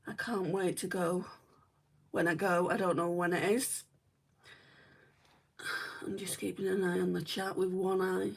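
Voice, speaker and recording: This northern English woman from the northwest talks her way through a makeup livestream as a beauty vlogger, chatty and meandering, leaning on "right" and "like". Her voice is lowish, level, husky and gravelly, unhurried with frequent pauses, and the mic is a bit far off.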